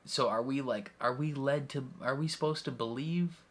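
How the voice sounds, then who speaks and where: A young man casually recapping and reacting to a TV episode, retelling scenes with lively acted-out quotes and frequent laughter. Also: mid-range voice, normal speed. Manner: animated retelling, acts out quoted lines, laughs often. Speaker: reaction video host.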